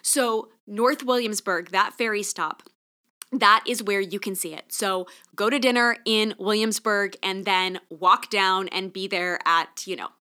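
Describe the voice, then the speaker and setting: Bright-toned enthusiastic woman podcast host. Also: medium pitch, steady tone, unhurried, smooth. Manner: enthusiastic, chatty, gets emotional and choked up. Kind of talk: solo podcast monologue.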